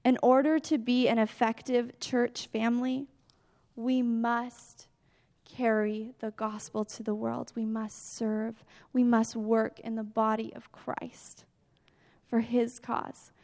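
A woman with a high voice preaches slowly and deliberately. She sounds earnest, climbing into pleading prayers and then sinking soft. Her words ring with a long hall reverb. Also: flat delivery. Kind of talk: sermon.

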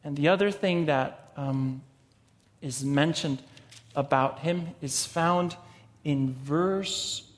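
A man with a high voice preaches slowly and with emphasis, reading scripture between his own remarks. His voice rings with a long echo, as in a large hall. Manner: slow, emphatic preaching with swings in loudness.

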